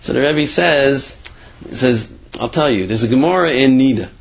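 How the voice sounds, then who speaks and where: A man's voice: medium pitch, moderate pace, husky. Guy with doing a laid-back torah talk, lots of "you know", kinda muffled sound. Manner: storytelling, many fillers, rhetorical questions. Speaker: Torah teacher. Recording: dull lo-fi sound.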